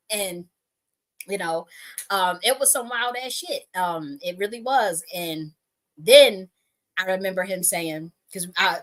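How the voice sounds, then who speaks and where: A woman who works as a spiritual reader tells a personal story in an unhurried, fairly bright, medium-pitched voice. She rambles, swears freely, restarts her sentences often and breaks into laughs.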